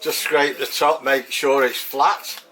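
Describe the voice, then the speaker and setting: A man's voice: medium pitch, fairly even intonation, slow pace, pushed and bright. A man from England with an English accent, chatting casually to camera in a home kitchen, rambling and repeating himself as he talks. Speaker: home cooking vlogger.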